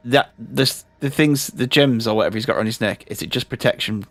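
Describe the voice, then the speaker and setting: A man's voice: mid-range voice, fairly quick, fairly bright tone, no room sound. A man playing a tabletop game in an offhand, mumbling way. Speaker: player. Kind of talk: tabletop role-play.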